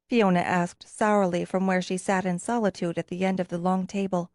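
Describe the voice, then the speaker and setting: A woman narrating a fantasy audiobook in a steady, expressive storytelling manner. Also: fairly low pitch, moderate pace, hardly any pauses, dry recording, studio quality. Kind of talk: scripted narration.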